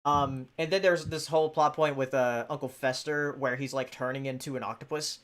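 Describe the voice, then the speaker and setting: Podcast host, male, middle pitch, relaxed chat, stops and starts a lot. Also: a little fast. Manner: hesitant, many fillers. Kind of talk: casual chat.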